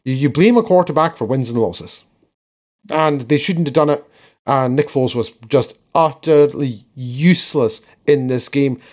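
A man co-hosting a podcast, recapping football games in casual chat, animated and laughing often, with some repeated words. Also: mid-range voice, measured pace. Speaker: podcast co-host.

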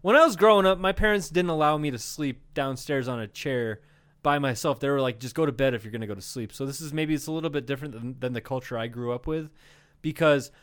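A man's voice: a little high, a little fast, clean tone. A man co-hosting a casual comedy podcast, reading out a listener's story with running jokes and laughter. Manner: animated storytelling, reads a letter aloud with quips and laughs. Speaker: podcast co-host.

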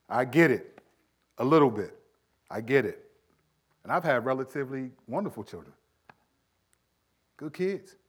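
A middle-aged male pastor preaching a sermon, animated, acting out everyday dialogue as he teaches. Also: mid-range voice, moderate pace, pauses often, slightly rough.

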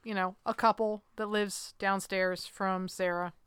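Smooth-voiced chatty woman. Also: medium pitch, fairly even intonation, measured pace, fairly bright tone. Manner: chatty, laughs often, finishes partner's points. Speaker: podcast co-host. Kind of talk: casual movie recap chat.

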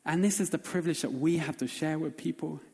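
A male pastor delivers a sermon in an earnest, emphatic way, often circling back and repeating phrases for weight. His voice sits slightly high for a man. The sound carries the long reverb of a church hall. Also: fast, creaky, mellow. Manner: earnest, repetitive, emphatic preaching.

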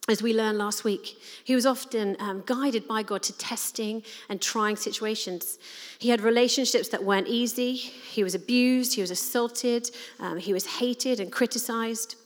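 A woman's voice: a little high, moderate pace. A woman giving a sermon in an earnest, conversational way with frequent "um" fillers. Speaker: preacher. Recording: reverberant hall.

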